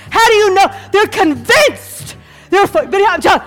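A woman preacher giving an energetic sermon and calling on the congregation to repeat phrases, laughing often between points. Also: very high voice, normal speed. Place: church hall with a congregation. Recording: hall reverb, faint background music.

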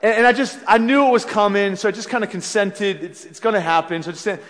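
A man preaching a sermon as a pastor, telling stories in an animated way with frequent restarts. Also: high voice, fairly quick. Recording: long reverb of a large hall.

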